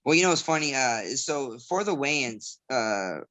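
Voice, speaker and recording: This MMA fighter, a Southgate, California native, chats loosely as an interview guest, spinning meandering stories with imitated voices. He sounds expressive and fairly bright in a mid-range voice, at a moderate pace.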